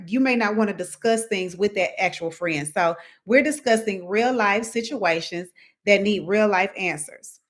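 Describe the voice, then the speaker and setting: A young woman hosting a casual live stream, chatty and animated, reading viewer comments and laughing often. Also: mid-range voice.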